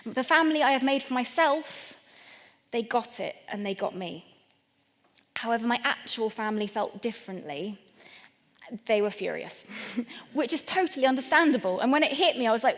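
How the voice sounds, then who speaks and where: British woman, comedian, self-deprecating stage storytelling, fairly high voice, echoing hall. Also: normal speed. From Britain. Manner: animated, self-deprecating, laughs between lines. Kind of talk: stand-up storytelling talk. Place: event venue in London. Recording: echoey hall at a live event.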